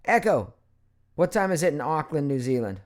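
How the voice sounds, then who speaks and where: A man's voice: fairly high pitch, lively intonation, fast talker, darkish tone. A middle-aged man, a voice actor, hosting a casual live Q&A from his computer at home, chatty and playful, hopping between topics. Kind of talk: casual live-stream chat.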